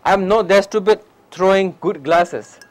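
A young man from Nepal, speaking English with a Nepali accent, giving a public meditation talk with lively stories and "huh?" asides. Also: high-pitched, a little slow, rough recording. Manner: non-native English, animated anecdotes, frequent "huh?" asides. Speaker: meditation teacher. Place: lecture hall before an audience.

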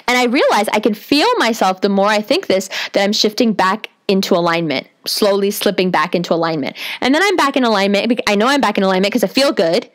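Profane, animated woman storyteller. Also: quick pace, hardly any pauses. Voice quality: deep, bassy voice. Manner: profane, animated, self-mocking. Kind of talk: comic personal storytelling.

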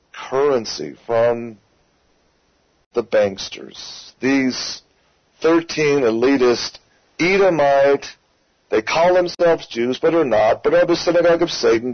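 A man's voice: mid-range voice, no room sound, muffled recording. A man hosting a talk radio show, delivering an emphatic, ranting opinion monologue and repeatedly calling his listeners folks.

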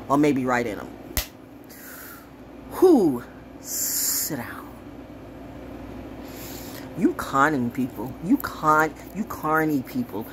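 A woman talking casually to camera in an animated, rambling way, profane and sassy, jumping from story to story. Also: low-pitched, a little hiss or hum. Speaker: commentator.

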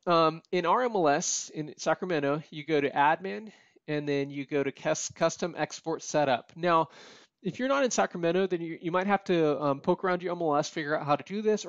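Man, tired, casual tutorial talk, fairly high voice, dry dull lo-fi recording. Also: dry recording. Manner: conversational, frequent "okay?" and "you know" asides. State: tired, yawning. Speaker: real estate appraiser teaching a data tutorial. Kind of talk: casual screen-share walkthrough.

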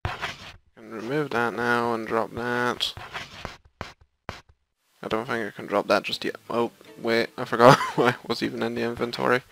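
Gravelly, sweary man narrating a game. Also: mid-range voice, fairly even intonation, unhurried, pauses often, background noise. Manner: sweary, exasperated, muttering to himself. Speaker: let's play host. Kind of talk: profane gaming commentary. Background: violin game music.

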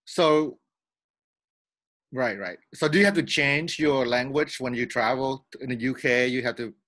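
A man's voice: medium pitch, a little slow, a bit bright. A man hosting a casual interview over a video call, upbeat and asking loose questions. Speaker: interview host.

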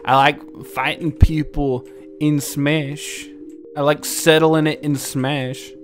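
A young man doing profane, jokey let's play commentary, swinging from mumbles to loud yells and laughs. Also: fairly high pitch, flat delivery, slow. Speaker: gaming YouTuber. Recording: game music underneath.

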